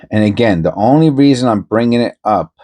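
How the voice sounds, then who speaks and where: A man with a fairly low voice talks casually to his viewers about coin hunting. He rambles, restarts his sentences and breaks off mid-thought. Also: animated, normal speed, warm tone. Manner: rambling, self-interrupting, conversational. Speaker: coin-hunting channel host. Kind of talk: casual commentary to camera.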